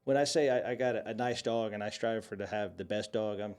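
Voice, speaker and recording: Somewhat low and a little mellow, this co-host's clean-toned voice moves slightly fast as he spins animated stories in casual podcast chat, rambling and restarting often.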